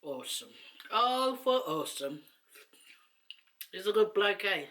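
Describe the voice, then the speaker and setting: A woman's voice: medium pitch, lively intonation, a little slow, pushed and bright. A woman chatting casually to camera while eating, rambling and laughing between asides. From New Zealand. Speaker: mukbang vlogger.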